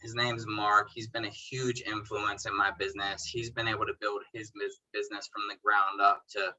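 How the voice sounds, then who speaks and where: In poor audio, a man with a voice on the low side speaks at a moderate pace as a podcast guest in a casual interview. He owns a detailing business and animatedly reenacts both sides of old conversations, using laid-back slang like bro and dude.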